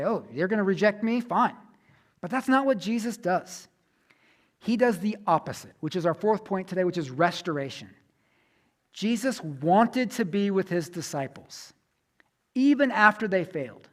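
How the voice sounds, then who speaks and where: A man with a notably high voice delivers a sermon. He speaks as a pastor in his thirties, earnest and conversational, and he often repeats phrases for emphasis.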